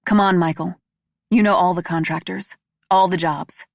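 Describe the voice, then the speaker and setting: A woman voicing a tough woman assassin in an audiobook, speaking bluntly and forcefully. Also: fairly low pitch, fairly even intonation, normal speed, vocal fry, dry recording, clean studio sound.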